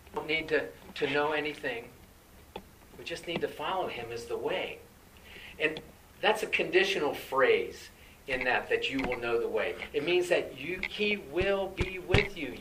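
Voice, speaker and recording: A man gives a conversational sermon, often turning to his listeners with questions. His voice sits a little high for a man. He is picked up from some way off the mic, with a faint hiss under him. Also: unhurried, distant mic. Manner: conversational preaching with rhetorical questions. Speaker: preacher.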